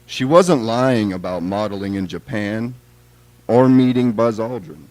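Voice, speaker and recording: A man giving a live reading of his own poems in a wry, deadpan, conversational way. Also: fairly low pitch, a little slow.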